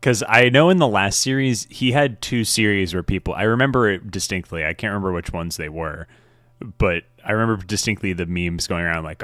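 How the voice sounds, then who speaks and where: A man's voice: low-pitched, brisk, fairly bright tone, dry recording. A man co-hosting a sports podcast in casual chat, laid-back, laughing often and swearing freely. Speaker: podcast co-host.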